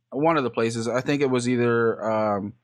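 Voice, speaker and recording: A man with a D.C.-area American accent hosts a relaxed podcast chat. He often stops and restarts, repeating words before he finishes his point. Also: mid-range voice, measured pace. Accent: Washington D.C. area. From Washington D.C., United States. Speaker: podcast host. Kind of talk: casual podcast interview.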